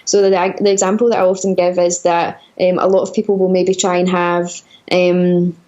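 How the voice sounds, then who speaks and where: A woman's voice: fairly low pitch, level tone, moderate pace, a little mellow, dull audio. A young adult woman, a dietitian guest, explaining in a conversational podcast interview with frequent fillers and restarts.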